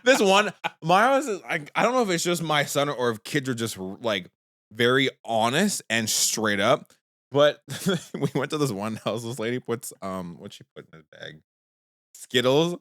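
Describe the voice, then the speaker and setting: A man co-hosting a casual chat podcast, animated and quick to laugh as he acts out what others said. His voice sits in a middle range, recorded close and dry on a studio mic. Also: mid-range voice, no echo. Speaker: podcast co-host.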